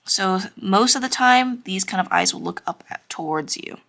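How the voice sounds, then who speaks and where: A woman's voice: mid-range voice, expressive, normal speed, creaky, fairly bright tone. A young woman teaching anime drawing in a casual, chatty way, with lots of fillers and some self-conscious giggling. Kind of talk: casual drawing tutorial narration.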